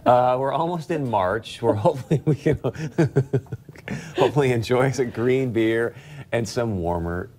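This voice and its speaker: A man's voice: mid-range voice, measured pace, darkish tone, a little hiss or hum. A man co-anchoring a local TV newscast, teasing his partner and telling jokey stories between items. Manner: teasing, jokey, tells anecdotes. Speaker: TV news anchor. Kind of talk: casual on-air banter between news stories. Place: TV news studio.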